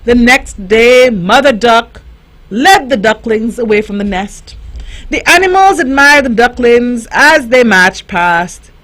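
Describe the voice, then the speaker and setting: Slow, lively woman reading a storybook. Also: a little high. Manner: slow, expressive read-aloud with lively voices. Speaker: youth radio host.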